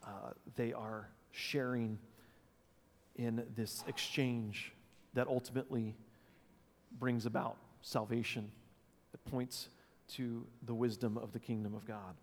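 A man preaching a sermon as pastor, thoughtful and unscripted, pausing with fillers and restarts. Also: mid-range voice, level tone. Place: church sanctuary. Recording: long church reverb.

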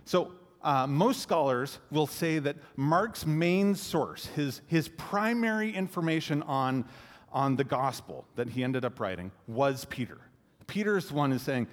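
A man preaching a sermon in an animated way, acting out quotes and swelling to loud climaxes. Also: medium pitch, unhurried. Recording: echoey hall reverb.

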